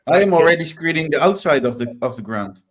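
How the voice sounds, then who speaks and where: A man co-hosting a casual football livestream, giving his opinions in a measured way. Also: fairly high pitch, lively intonation. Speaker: livestream co-host.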